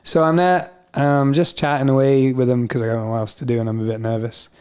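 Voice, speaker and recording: Man, Scottish-English accent, casual storytelling, acts out quoted voices, mid-pitched voice. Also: level tone, fairly quick, a little mellow, smooth. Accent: mixed Scottish and English. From Scotland. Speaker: podcast guest musician.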